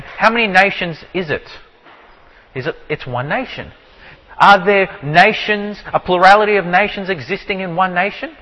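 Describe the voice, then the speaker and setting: A man teaching from the Bible in sermon style, asking his listeners rhetorical questions and slowing down to stress key phrases. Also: sits high, muffled recording. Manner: asks the audience many rhetorical questions. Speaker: preacher teaching on scripture. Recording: long hall reverb.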